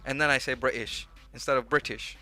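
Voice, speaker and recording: A Swedish man with a Swedish accent hosts a casual livestream chat, rambling rapid-fire and jumping between thoughts while faint music plays behind him. His voice is a little high with a sharp tone.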